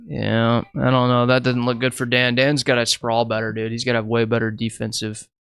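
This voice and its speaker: A man's voice: medium pitch, completely flat delivery, a little fast, gravelly, a bit bright, clear, resonant tone, no echo. A man co-hosting a fight watch party podcast, talking bluntly and swearing freely in casual chat. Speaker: podcast co-host.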